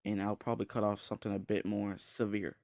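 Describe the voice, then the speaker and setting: A man voicing a cool-headed young male swordsman who calmly threatens an enemy. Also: fairly low pitch, fast talker, creaky, dry recording, clean studio sound. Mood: threatening.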